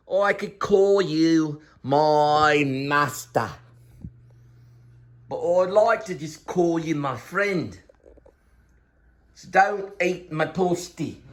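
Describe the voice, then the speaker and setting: A man vlogging at home, scolding his cat in a high sing-song voice, with playful rambling asides. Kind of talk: casual vlog talk to his cat.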